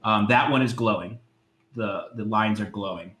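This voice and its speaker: A man runs a tabletop game with a fairly low voice, pausing and restarting as he describes each scene. The room around him sounds echoey. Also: a bit bright. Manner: hesitant, many filler pauses. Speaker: game master.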